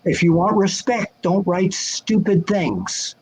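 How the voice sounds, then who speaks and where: An older man telling wrestling-magazine stories on a video call, lively and acting out the voices of people he quotes. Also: high-pitched, unhurried, slightly rough, poor audio. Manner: animated, acts out quoted voices. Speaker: guest answering fan questions. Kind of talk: casual storytelling chat.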